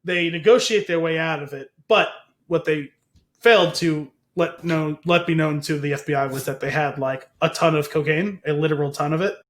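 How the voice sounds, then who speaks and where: Higher-pitched man telling a story. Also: normal speed. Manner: rambling retelling with frequent laughs. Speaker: podcast co-host. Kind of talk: casual chat.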